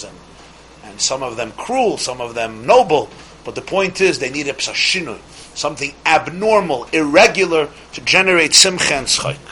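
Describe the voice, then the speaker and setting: A man giving a religious lecture as a teacher, emphatic and full of rhetorical questions, slowing some phrases and rushing his asides. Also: on the high side, pushed and bright, a little hiss or hum, low-quality recording. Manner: shifts between slow stretched phrases and quick asides.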